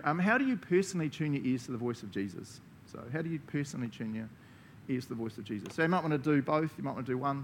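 Jokey New pastor. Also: male voice, a little high, slight background noise. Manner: jokey, playful, chatty. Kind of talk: casual interactive sermon.

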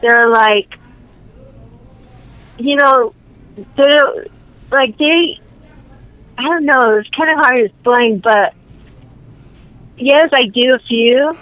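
A woman's voice: sits high, slow, long pauses, fairly bright tone, no room sound, muffled recording. A woman calling in to a radio show as a guest, giggly and hesitant in casual talk. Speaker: caller, guest. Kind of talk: casual phone interview.

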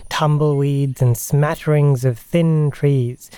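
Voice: mid-range voice, steady tone, takes it slowly, mellow, smooth, dry recording. A podcast game master narrating a tabletop adventure in a casual, descriptive way.

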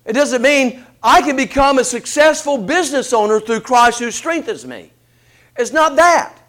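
A man preaching a sermon, asking rhetorical questions in an animated delivery. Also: extremely high pitch, normal speed.

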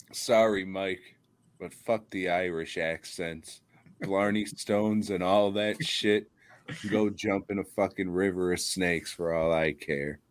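Low voiced guy cussing and ranting on a podcast, really slow drawl, swings up and down a lot. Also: steady tone. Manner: profane, ranting, laughs often. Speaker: podcast co-host. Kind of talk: casual comedic chat.

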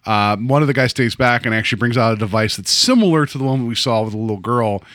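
A man co-hosting a podcast, casually recapping a TV episode, animated and laughing as he acts out quoted lines. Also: medium pitch, fast talker, dry recording, clean studio sound. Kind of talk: casual chat.

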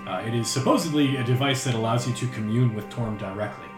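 A man narrating a tabletop game as game master in a relaxed way. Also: mid-range voice, quick pace. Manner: relaxed, with frequent "uh" fillers. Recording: roomy with background music.

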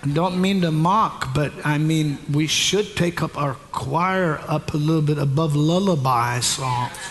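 A man delivers a sermon, moving from slow, halting teaching to rising shouted proclamations. His voice sits a bit high for a man and he takes his time. The sound carries a long hall reverb with faint room ambience behind it. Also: slight background noise. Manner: builds from measured teaching to shouted climax, repeats words. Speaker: preacher.

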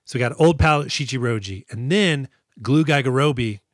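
A man co-hosting a podcast in casual chat, animated and profane, acting out characters as he retells scenes. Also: mid-range voice, moderate pace, dry recording, studio quality. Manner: animated, swears a lot, acts out characters in quoted lines. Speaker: podcast co-host.

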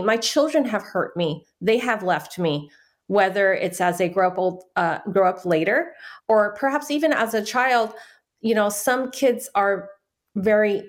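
A middle-aged woman, a soul care minister, earnestly telling a personal faith testimony in an interview. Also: mid-range voice. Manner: earnest storytelling, acting out quoted family voices.

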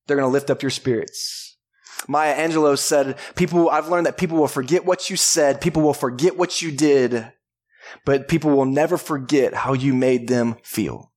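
Animated pastor preaching. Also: male voice. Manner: animated preaching, voice climbing high when acting out the hype man. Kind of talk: sermon. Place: church service.

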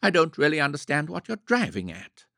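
Man doing a pompous, gruff middle-aged suitor. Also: on the high side, huge pitch swings, fairly quick, fairly bright tone, no echo, studio quality, voice pushed up, exaggerated voice. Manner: gruff and blustering.

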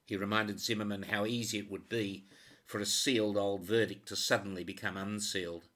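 A man narrating a crime novel audiobook in a steady, even reading voice. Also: lowish voice, a little fast.

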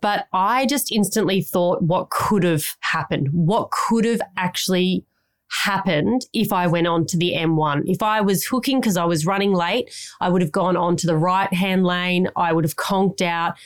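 A woman's voice: on the low side, normal speed. An Australian woman podcast host, rambling through a long story in casual chat and swearing now and then.

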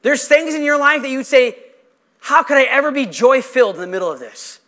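A male pastor preaching a sermon with impassioned, emphatic delivery, stretching out key phrases slowly. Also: very high voice, expressive, bright, forceful tone. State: emotional.

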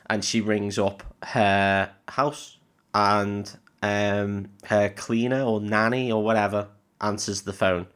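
A man co-hosts a podcast with a lowish voice. He retells a film in a rambling, jokey way, swearing often and filling gaps with ums. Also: a bit bright. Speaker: podcast co-host. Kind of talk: casual chat retelling a film.

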